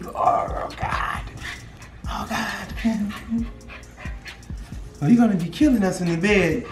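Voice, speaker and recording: A man's voice: high voice, takes it slowly, long pauses, music in the background. A young man vlogging casually at home, talking playfully and dotingly to a new puppy. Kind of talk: casual vlog chat.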